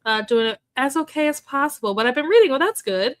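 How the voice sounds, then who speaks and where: A young woman hosting a relaxed livestream, chatting casually, greeting viewers by name and laughing often. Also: high voice, quick pace, no room sound, studio quality. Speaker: livestream host. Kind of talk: casual chat with live chat readers.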